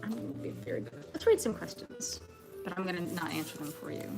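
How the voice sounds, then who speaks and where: A woman's voice: on the low side, wildly swooping pitch, quick pace, vocal fry, loud music behind the voice. A woman co-hosting a playful live cooking chat in a home kitchen, teasing and mock-genteel in a put-on Southern drawl. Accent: put-on Southern American drawl. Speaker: co-host.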